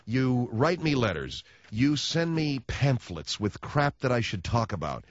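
A man hosting a radio talk show, delivering a mock-solemn, sarcastic announcement in a deadpan way into a studio microphone. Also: mid-range voice, measured pace, few pauses, no room sound, muffled recording. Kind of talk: sardonic radio monologue.

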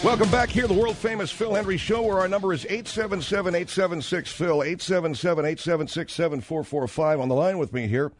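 A man's voice: sits high, fast talker, hardly any pauses, faint music behind. A man hosting a talk radio show, trying to rein in a long-winded guest and reading out the call-in number. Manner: exasperated, tries to cut in, reads out call-in numbers.

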